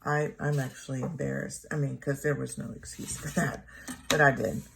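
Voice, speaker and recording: Gravelly low-voiced woman telling a story. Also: little pitch movement, noisy background. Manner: rambling, halting, self-correcting. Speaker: planner vlogger. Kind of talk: casual storytelling while journaling. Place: home room.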